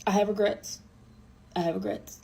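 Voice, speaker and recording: A young woman in mid-range voice tells a personal story with exasperated energy. She swears freely and repeats herself for effect, sliding between low mutters and sudden shouts. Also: steady tone, moderate pace, gravelly, poor audio. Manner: profane, repeats herself for emphasis. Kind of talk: storytime monologue.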